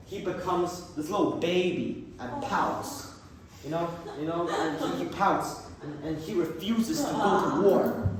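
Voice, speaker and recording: A man's voice: on the high side, slight background noise. A teenage boy casually retelling an old epic in a rambling, slangy way, often correcting himself. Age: teens. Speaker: storyteller. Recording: very echoey room from far off.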